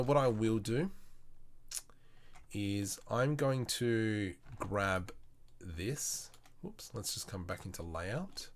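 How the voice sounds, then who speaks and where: An Australian man talks his way through a live stream of his 3D work. He chats casually with viewers and mutters to himself as he clicks through his tools. Keyboard typing and mouse clicks run behind his voice. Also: medium pitch. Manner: chatty, thinks aloud, mutters while working.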